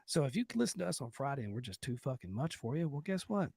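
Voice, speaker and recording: Husky-voiced man joking crudely on a podcast. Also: medium pitch, sing-song, fast talker, a little mellow, no echo. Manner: vulgar, joking, rambling with fillers. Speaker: podcast co-host. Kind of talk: crude comedic podcast banter.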